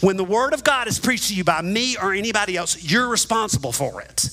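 Male pastor, high bright voice, lively teaching sermon delivered straight to the congregation. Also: a little fast, low-quality recording. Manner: animated teaching, direct address to congregation. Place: church sanctuary.

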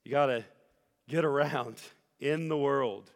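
Man, pastor, sermon, gravelly voice, earnest, rising to emphatic peaks, echoing church hall, soft music. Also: mid-range voice, a little slow. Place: church sanctuary.

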